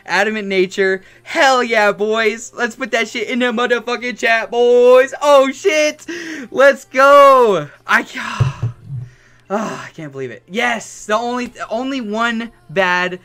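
A young man streaming a game, yelling and cursing with joy, his voice hoarse from shouting. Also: extremely high pitch, slow. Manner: ecstatic shouting, cursing, repeated yells of yes. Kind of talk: live-stream game reaction.

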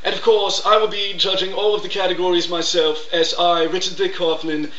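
A man's voice: little pitch movement, brisk, fairly bright tone. A man voicing a mocking impression of a smug, self-important vlogger who turns whiny. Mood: pompous. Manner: pompous, then shrill and whining. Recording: echoey, dull lo-fi room.

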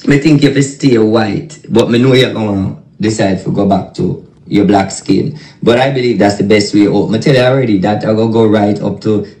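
Blunt Jamaican man, gravelly, in an echoey room. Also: fairly low pitch, normal speed, hardly any pauses, warm tone. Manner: insistent, blunt.

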